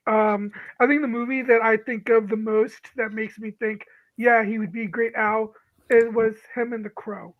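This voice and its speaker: A man on a casual panel chat, measured and thoughtful. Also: high-pitched, level tone, phone-quality sound.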